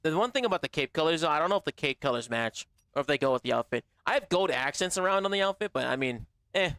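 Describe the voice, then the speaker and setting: Male streamer, fairly high voice, casual profane banter, slightly strained. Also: lively intonation, quick pace, sharp tone, clean tone, dry recording. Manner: slangy and profane, calls chat bro and baby. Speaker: gaming livestreamer. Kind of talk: casual live-stream chat.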